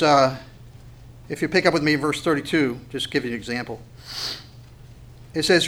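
A man's voice: on the high side, a bit bright. A man preaching a sermon, reading scripture, asking questions and answering them himself, and repeating phrases for emphasis. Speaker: pastor.

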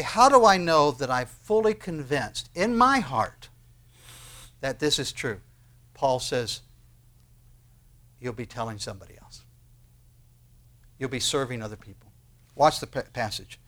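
A male pastor preaching a sermon in an animated way, asking rhetorical questions and raising his voice for emphasis. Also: medium pitch.

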